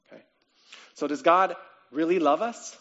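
A male pastor delivers a sermon in an easy, conversational way, peppering it with "okay?" and "right?". His voice sits a little high and climbs when he asks questions. The recording is muffled and lo-fi. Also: moderate pace. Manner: conversational, frequent "okay?" and "right?" check-ins; animated, rising to excited questions.

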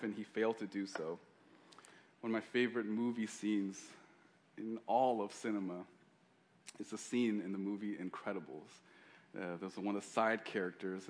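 A male pastor preaching a sermon in a joking, conversational way. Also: on the low side.

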